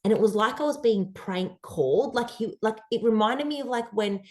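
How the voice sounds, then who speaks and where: An Australian woman, a podcast guest, telling a story in an animated, rambling way full of fillers. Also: fairly high pitch, normal speed. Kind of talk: casual interview storytelling.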